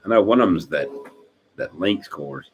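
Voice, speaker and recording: A man, chatting casually on a live stream, rambling through stories, clearing his throat often and laughing at his own jokes. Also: low voice, animated, normal speed, faint music behind, rough recording. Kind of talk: casual chat.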